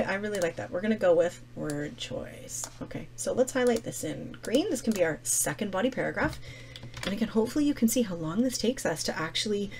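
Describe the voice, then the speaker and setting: A woman's voice: medium pitch, darkish tone, slight background noise. Chatty woman teaching essay writing. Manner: chatty, self-correcting, muttering words under her breath. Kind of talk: essay-writing tutorial, thinking aloud.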